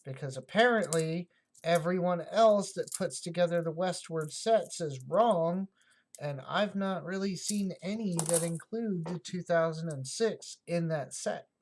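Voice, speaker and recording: Slow, chatty livestream host thinking aloud. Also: mid-range voice, a little mellow. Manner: thinks aloud, chatty, talks back to chat comments. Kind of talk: casual livestream chat while sorting coins.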